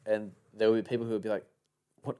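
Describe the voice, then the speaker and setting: Give me an easygoing, low-voiced young man. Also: level tone, rapid-fire, warm tone, clear, resonant tone. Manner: easygoing, agreeable, backs others up with "yeah". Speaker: podcast guest. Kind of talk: casual chat.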